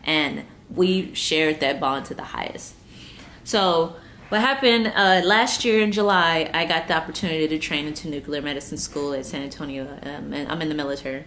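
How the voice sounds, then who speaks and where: A woman in her twenties with a low voice speaks straight to camera in a personal vlog. She talks earnestly and circles back over her points, working to keep from crying. A faint hiss sits under the recording. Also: moderate pace, a bit bright. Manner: earnest, repeats herself, trying not to cry. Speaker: vlogger.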